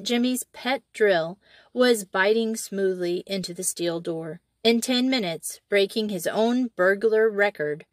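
Woman reading old short stories, even mid voice, very dry close sound. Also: mid-range voice, dry recording. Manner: steady storytelling with small slips. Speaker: audiobook reader.

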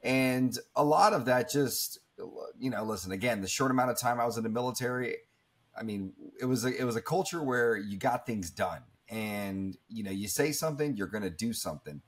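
A man's voice: medium pitch, a little fast, slightly rough. A man in his thirties, telling a personal story in an interview in an earnest, reflective way, with many fillers and restarts. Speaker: guest speaker.

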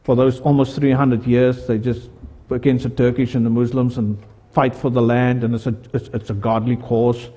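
A man's voice: medium pitch, flat delivery, normal speed, mellow, long reverb tail. A man preaching a sermon as pastor, asking his congregation questions as he goes.

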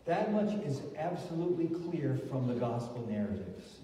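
A man's voice: on the high side, big pitch swings, moderate pace, dark tone, a little hiss or hum. Man preaching in an echoey church hall. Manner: storytelling, acts out quoted voices, frequent restarts. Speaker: pastor. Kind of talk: sermon. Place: church sanctuary. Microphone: recorded from the pews. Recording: distant echoey hall recording from the pews.

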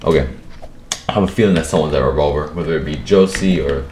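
A young man giving rowdy, profane commentary over his own gameplay, excitable and quick to burst into shouting. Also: very deep voice, noisy background. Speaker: gaming video creator. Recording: echoey room with keyboard clatter. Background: keyboard clicks and typing.

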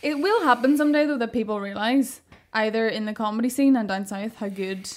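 A woman's voice: a little high, a little fast. A woman co-hosting a comedy podcast, speaking earnestly in casual chat. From Northern Ireland. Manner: earnest, supportive, talks over her co-host. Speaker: podcast co-host.

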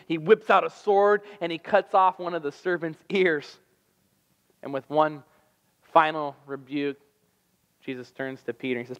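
A man preaching a sermon as pastor, telling the story with animated energy and acting out the voices. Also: mid-range voice, moderate pace, smooth, long reverb tail, highs cut off. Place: church sanctuary.

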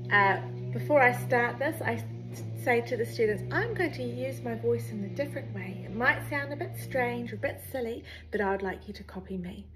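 A woman, a music teacher demonstrating a vocal warm-up in a friendly, playful manner. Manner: friendly, explains then sings phrases in a high, playful call-and-response voice.

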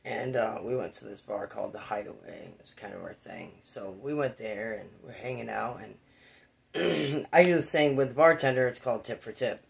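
A man casually telling a rambling, profane personal story, quoting friends with animated voices. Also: medium pitch, normal speed, vocal fry.

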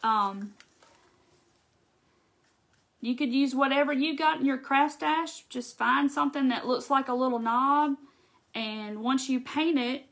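A woman's voice: sits high, gravelly, a bit bright. A woman with a Southern American accent hosting a live craft tutorial, chatting in a folksy way straight to her viewers.

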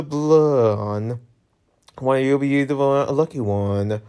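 A man's voice: mid-range voice, measured pace, darkish tone, clear, resonant tone. A man casually reading a webtoon aloud, stumbling over lines and laughing at his own slips. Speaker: webtoon reader.

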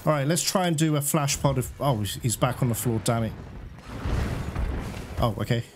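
A man's voice: medium pitch, normal speed. A man giving live gameplay commentary as a channel host, often exclaiming and swearing in frustration. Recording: loud game music behind. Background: loud game music.

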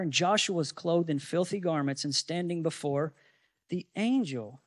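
A man's voice: a little high, animated, moderate pace, no echo, clean studio sound. A male pastor preaching a sermon, teaching from scripture with many rhetorical questions to the congregation.

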